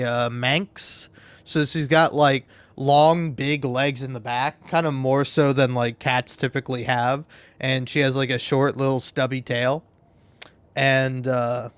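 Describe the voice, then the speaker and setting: A man's voice: medium pitch, fairly bright tone, clean tone, no echo. A man rambling casually from home while playing a game, swearing and laughing often. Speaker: let's play host. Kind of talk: casual gaming commentary.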